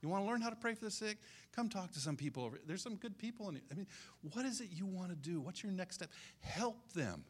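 A man in his sixties preaching a sermon in an animated, conversational way, repeating his key phrases. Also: sits high, quick pace, breathy edge. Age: 60s. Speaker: pastor.

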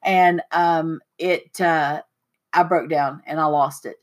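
A middle-aged woman hosting a casual chat podcast, telling stories with lively, acted-out quotes. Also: slow. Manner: animated storyteller, acts out quotes with big pitch jumps. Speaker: podcast host.

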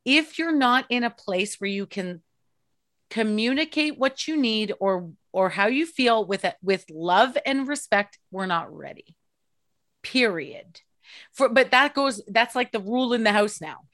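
Woman, forties, frank and animated podcast talker, dead-dry close mic. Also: unhurried, no room sound. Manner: expressive, swears freely, mimics herself with big pitch jumps. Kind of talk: candid casual chat.

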